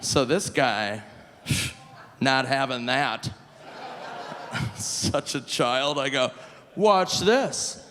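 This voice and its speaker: A man in his forties from Minnesota doing a live stand-up set, animated and self-mocking, often breaking into laughter. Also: medium pitch, very slow, long pauses. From Minnesota, USA. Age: 40s. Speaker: stand-up comedian. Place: live theater stage. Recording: reverberant live venue, faint room noise.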